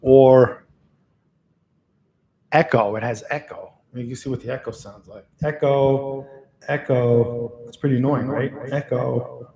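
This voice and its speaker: A man's voice: mid-range voice, fairly even intonation, normal speed, long pauses, warm tone. A man chatting casually on a livestream from a room at home, rambling and chuckling often into a microphone. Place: home room lit by a lamp. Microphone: XLR microphone on a box.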